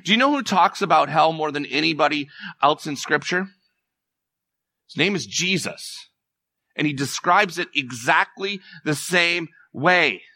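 A man's voice: a little high, expressive, measured pace, bright, forceful tone, no echo. A man preaching a sermon as pastor, earnest and emphatic, pressing his point with rising intensity.

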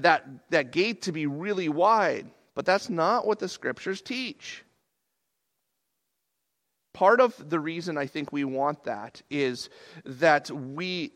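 Animated conversational male preacher. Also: on the high side. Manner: conversational and animated, with many restarts. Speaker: pastor. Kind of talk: sermon.

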